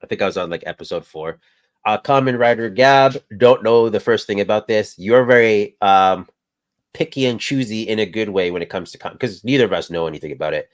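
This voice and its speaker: A man co-hosting a toy news show in casual chat, relaxed, laughing often and trailing off. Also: on the low side, fairly quick.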